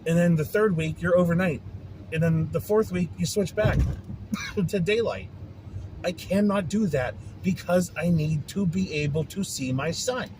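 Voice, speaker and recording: A man's voice: sits high, darkish tone, a little hiss or hum, poor audio. A man hosting his own podcast, venting in a frustrated, profane casual rant. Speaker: podcast host. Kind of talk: casual ranting monologue.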